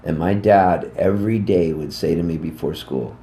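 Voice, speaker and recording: A man in his fifties, a musician, telling rambling, animated anecdotes in a casual interview backstage at a music club. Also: low-pitched, normal speed, reverberant. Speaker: musician guest.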